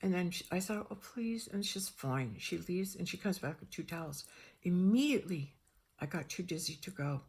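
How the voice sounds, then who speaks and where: An older woman telling a personal story in a rambling, animated way, acting out the dialogue. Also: lowish voice, normal speed, slightly rough. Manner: rambling, animated, acts out dialogue in shifting voices.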